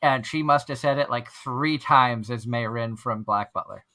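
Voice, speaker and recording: A man with a mid-range, sharp-toned voice talks at a moderate pace. He hosts an online fan radio show, chatting casually and rambling with lots of restarts.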